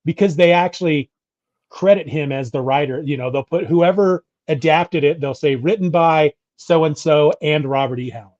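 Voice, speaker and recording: Middle-aged man, podcast co-host, rambling casual chat, slightly high voice, dry dull sound. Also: normal speed, a little mellow, dry recording. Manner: rambling, self-correcting, chatty. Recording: dull lo-fi audio.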